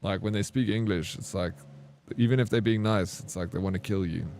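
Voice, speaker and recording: A young South African man with a fairly low voice and a South African accent. He chats frankly and casually with his viewers during a game stream, swearing now and then and laughing easily. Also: a little fast, darkish tone, slight background noise.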